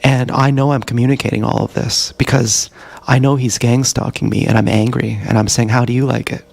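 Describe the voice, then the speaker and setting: A man's voice: medium pitch, fairly even intonation, brisk, vocal fry, no room sound. A man livestreaming from an action camera, telling a tangled personal story in a profane, rambling way and often correcting himself. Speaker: live streamer.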